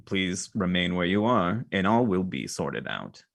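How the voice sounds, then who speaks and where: A man voicing a flying android guard giving flat, formal commands. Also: low voice, measured pace, creaky, full character voice. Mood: commanding.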